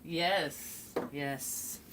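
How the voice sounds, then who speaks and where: A woman's voice: deep voice, extremely slow, background noise. A woman streaming while painting miniatures, chatting casually and rambling with fillers. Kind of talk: casual chat.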